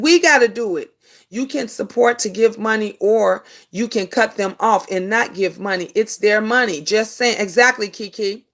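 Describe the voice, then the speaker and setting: A middle-aged woman hosts a casual live stream with a somewhat high voice. She answers viewer comments emphatically, with a preachy lilt, and drives her points home by repeating them. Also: gravelly, a bit bright. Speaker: livestream host.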